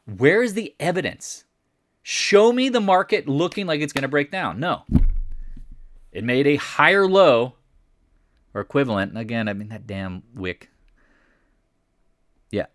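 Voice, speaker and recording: A man's voice: on the high side, big pitch swings, measured pace, long pauses, dry recording, studio quality. A man walking through stock charts in casual commentary, blunt and mocking, firing off rhetorical questions. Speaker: market commentator.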